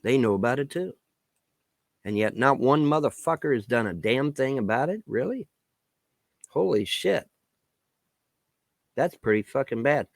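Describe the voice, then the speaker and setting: A man ranting at the camera in a vlog, swearing constantly, taunting his critics and shouting in bursts. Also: medium pitch, lively intonation, a little slow, creaky, pauses often, dry recording. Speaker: vlogger. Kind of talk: angry profane rant to camera.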